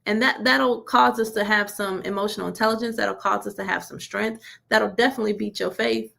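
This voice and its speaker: Woman preaching in a heavily gravelly voice. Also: medium pitch, a little fast. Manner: informal, poses many rhetorical questions to listeners; colloquial, relaxed grammar. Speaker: church leader leading a teaching session. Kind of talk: conversational sermon.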